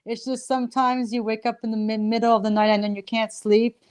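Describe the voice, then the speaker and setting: A woman from Canada, a singer-songwriter guest, telling stories in a giggly, animated way during a casual interview. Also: a little high, a little fast.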